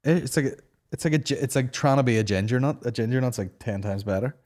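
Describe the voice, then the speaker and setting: A man hosting a podcast, swearing through animated, casual banter. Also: medium pitch, fast. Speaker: podcast host. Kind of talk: casual chat.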